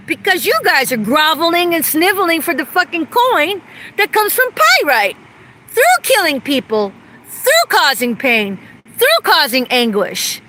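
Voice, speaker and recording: Woman, high-pitched, angry profane rant, outdoor vlog, faint traffic behind. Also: sharp tone. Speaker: vlogger. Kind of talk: ranting vlog monologue.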